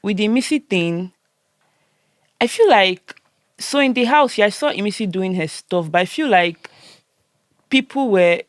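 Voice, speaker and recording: A woman's voice: mid-range voice, animated, measured pace, long pauses, dry recording. Young woman guest, dry close mic, frank and laughing. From Nigeria. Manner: frank, laughing, quotes herself. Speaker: guest, ex reality show housemate. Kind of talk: casual chat.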